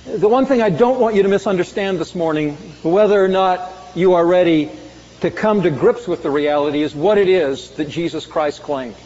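A male pastor preaching with a high, forceful voice that swings between loud emphasis and hushed lines. The sound is dull and muffled, carrying a long reverb from a large hall. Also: moderate pace. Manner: emphatic preaching, dramatic swings in pitch and volume. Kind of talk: sermon.

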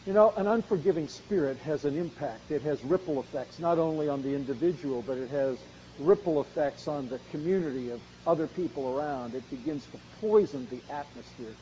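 High-voiced, mellow male preacher. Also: lively intonation, fairly quick, lo-fi sound, a little hiss or hum. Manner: earnest, builds to loud emphasis then drops low. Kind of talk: expository sermon.

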